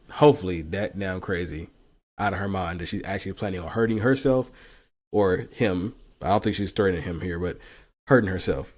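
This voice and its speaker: A young man with a fairly low voice talks in a loose, slangy way. His casual reaction chat swings between quiet asides and loud outbursts, with laughter mixed in. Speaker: co-host reacting to news.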